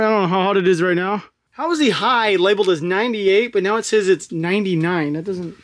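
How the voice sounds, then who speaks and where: A young man with a high, bright voice rattles off his latest resale finds at a fast clip. He sounds excited and jokey, chatting casually to his viewers from outside a storage unit. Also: no room sound. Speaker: storage unit reseller vlogger. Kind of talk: casual vlog chat. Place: outdoors at a storage unit in heat.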